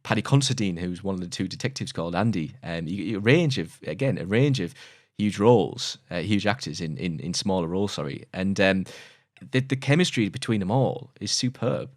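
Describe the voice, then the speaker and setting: A man's voice: low voice, animated, a little fast, no echo, studio quality. A British man co-hosting a casual film review, rambling enthusiastically and often correcting himself mid-sentence. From Britain.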